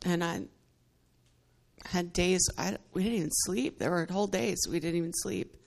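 A woman with a lowish, gravelly voice and a normal pace offers her testimony at a worship service. Earnest and emotional, she laughs between phrases and builds in fervor as she speaks.

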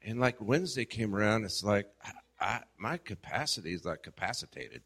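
A man sharing a personal prayer experience in a casual testimony, telling it in an animated way with acted-out quotes. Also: lowish voice, brisk, gravelly. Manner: animated storytelling, acts out quoted exchanges, trails off softly.

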